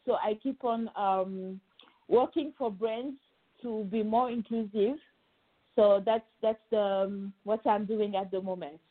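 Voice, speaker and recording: A woman with a French accent, a guest in a remote interview, speaking haltingly with many fillers and restarts. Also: mid-range voice, fairly even intonation. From France. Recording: phone-like narrow sound.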